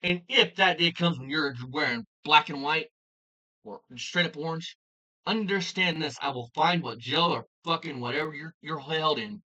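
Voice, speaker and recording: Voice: mid-range voice, moderate pace, pushed and bright, recorded from a distance, highs cut off. A vlogger delivering an angry, profane commentary rant, hurling insults and repeating lines for emphasis.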